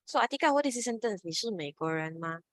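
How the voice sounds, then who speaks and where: A woman teaching an online Mandarin lesson, mixing English and Mandarin and giving steady praise and correction. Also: mid-range voice, fast, noisy background. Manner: encouraging, switching between English and Mandarin, frequent praise.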